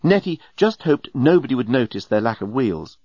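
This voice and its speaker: A man narrating an audiobook in a wry, lively storytelling manner. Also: medium pitch, normal speed, no room sound, highs cut off.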